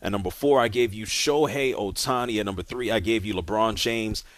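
A man with a lowish voice hosts a sports talk radio show, casual and direct as he briskly moves callers along. There's no room sound.

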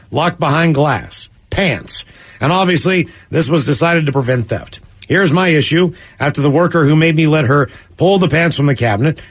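A radio show host reading listener emails aloud on air, with lively conversational asides. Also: male voice, fairly high pitch.

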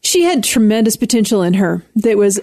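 A woman's voice: mid-range voice, big pitch swings, a little fast, warm tone, dry recording, studio quality. Frank Texan woman in her fifties. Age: 50s. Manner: earnest, frank, laughs easily. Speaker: author and guest. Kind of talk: radio interview.

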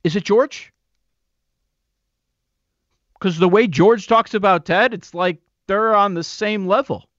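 A man's voice: high voice, takes it slowly, long pauses, fairly bright tone, no echo. A man hosting a sports talk radio show, taking calls and reeling off numbers emphatically. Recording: muffled radio broadcast.

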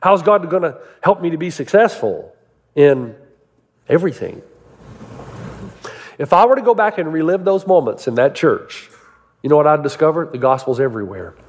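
A man delivers a sermon, his fairly high voice rising and falling as he tells stories and fires off rhetorical questions. The sound carries a long echo, as in a large church hall. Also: moderate pace, long pauses. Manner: animated, rhetorical questions, storytelling. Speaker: pastor.

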